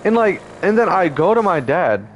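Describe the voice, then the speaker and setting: Agitated young man, animated pitch. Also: moderate pace, slight background noise, low-quality recording. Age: 20s. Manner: heated, profane, repetitive fillers. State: upset, close to tears. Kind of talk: emotional personal storytelling.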